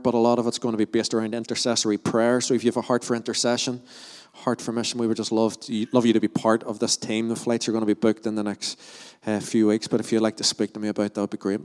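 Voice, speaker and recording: A man's voice: mid-range voice, darkish tone, clear, resonant tone. A man, a pastor, leading fervent prayer and church announcements and often restarting his phrases. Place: church hall. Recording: long reverb of a church hall.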